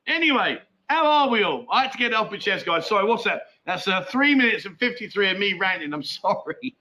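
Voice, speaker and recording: A man's voice: high voice, big pitch swings, brisk, few pauses, sharp tone, lo-fi sound. A man hosting a live stream chat show from home, rambling casually through viewer comments, swearing freely and laughing often. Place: at home with a dog nearby.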